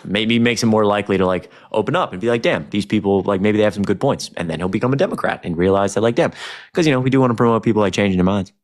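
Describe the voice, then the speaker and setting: A young man hosting a casual livestream, talking to chat in a rambling, animated way with plenty of swearing. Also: on the low side, very fast. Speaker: streamer.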